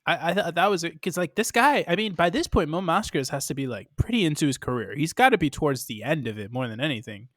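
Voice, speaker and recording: Joking male podcast co-host, bright tone, dry close-mic sound. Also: a little high, big pitch swings, no room sound. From Boston area. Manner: joking, swearing, quick riffs. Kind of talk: casual chat.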